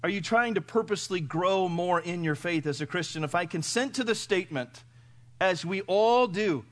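Folksy preacher man, fairly high voice. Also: normal speed. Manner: folksy, rhetorical questions, dramatic swings from loud to hushed. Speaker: pastor. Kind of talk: sermon.

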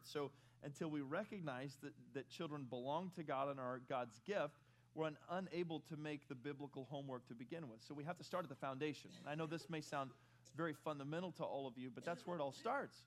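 A middle-aged man preaching a sermon as pastor, talking casually about his family and then building to emphatic points while leading the congregation in reading scripture aloud. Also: mid-range voice. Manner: conversational preaching, rising to emphatic stress, leads congregation in reading.

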